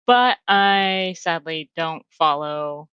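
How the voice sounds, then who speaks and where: A woman's voice: low-pitched, lively intonation, slow pace, clean tone, no room sound, highs cut off. A woman guest on a podcast in casual chat, hedging and thoughtful, with many fillers.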